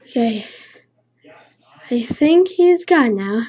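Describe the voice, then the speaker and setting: Brief: a non-native woman gamer with a high voice, slow and jumpy horror playthrough commentary, heavy swearing. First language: not English. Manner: jittery, swears a lot, hums nonsense to stay calm. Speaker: let's play gamer.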